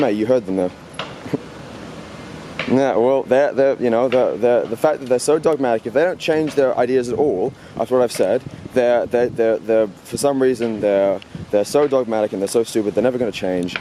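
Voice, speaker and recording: A young man rants off the cuff at a rapid clip, his voice going hoarse from talking so much. He is confrontational and rambling, stumbling over restarts and repeating words as he presses his point. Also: medium pitch, dark tone, slight background noise. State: getting hoarse. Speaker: vlogger ranting. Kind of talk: heated off-the-cuff rant. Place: indoor university space.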